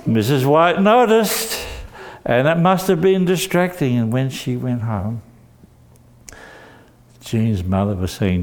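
A man telling a story to children in a gentle, expressive way, talking straight to the kids. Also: medium pitch, takes it slowly, long pauses.

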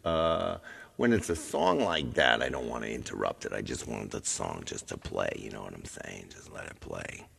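Chatty man ranting with lively pitch. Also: moderate pace, vocal fry, breathy edge, in a large hall. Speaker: live stream host and singer. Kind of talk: casual chat with viewers.

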